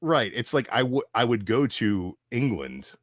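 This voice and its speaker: A man hosting a casual live stream chat, swearing freely and telling stories in an animated way. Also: mid-range voice, unhurried, no echo, clean studio sound. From United States. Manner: profane, ranting, animated storytelling. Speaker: show host.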